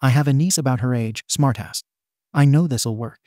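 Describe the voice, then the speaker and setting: A man's voice: mid-range voice, moderate pace, mellow, dry recording, clean studio sound, lightly acted. A man voicing a blunt adult male villain in a story reading.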